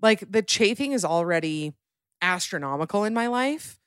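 A woman's voice: medium pitch, animated, clean tone, no room sound, clean studio sound. A woman hosting a podcast, bubbly and chatty, talking casually with her partner. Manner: bubbly, chatty, quick bursts. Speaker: podcast host. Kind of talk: casual chat.

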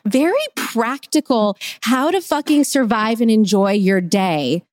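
A woman's voice: a little high, unhurried, darkish tone. A woman from New Orleans hosting a podcast, teasing her guest bluntly and swearing freely. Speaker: podcast host. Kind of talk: casual chat.

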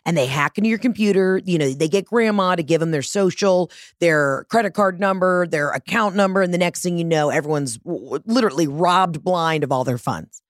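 A woman hosting a podcast, telling a story in a casual, animated and profane way, mocking herself, on a close studio mic. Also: fairly low pitch, fairly quick, hardly any pauses, dry recording. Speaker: podcast host.

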